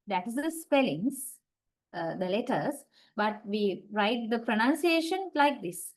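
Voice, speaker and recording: A woman's voice: on the high side, expressive, unhurried, darkish tone, low-quality recording. A woman giving an online university lecture, explaining step by step and often checking with "right?".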